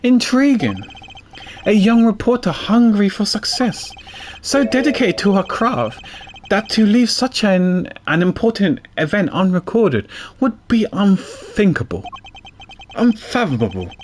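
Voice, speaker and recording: A man's voice: high voice, slight background noise, pitched above the performer's own voice. Man doing a pompous formal prosecutor. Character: cool, formal male prosecutor, proud.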